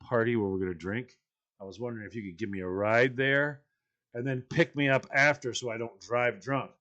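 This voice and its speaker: On a lo-fi recording, a man with a mid-range voice talks fairly quickly while co-hosting a casual chat show. His comic story is animated, with the other characters' lines acted out in their own voices.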